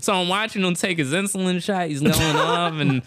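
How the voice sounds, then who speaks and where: Male comedian, high-pitched, excitable storyteller. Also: over loud music. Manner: excitable, quick to laugh, incredulous.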